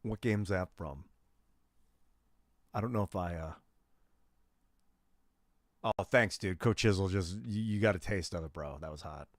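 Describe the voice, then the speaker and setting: A man's voice: sits low, measured pace, long pauses, dry recording, studio quality. A man in his thirties chatting casually on a gaming livestream, rambling and slangy as he talks to viewers. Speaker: gaming streamer.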